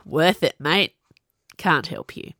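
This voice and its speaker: A woman's voice: low-pitched, animated, slow pace, fairly bright tone, dry recording, studio quality, exaggerated voice. A woman voicing an easygoing, teasing young male drummer mage in an audiobook.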